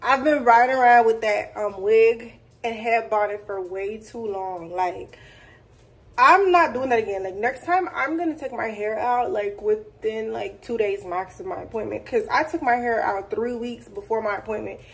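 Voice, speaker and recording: A young woman vlogging in a chatty, excitable, slangy way, talking straight to her phone camera. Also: fairly high pitch, normal speed, vocal fry. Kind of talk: casual chat to camera.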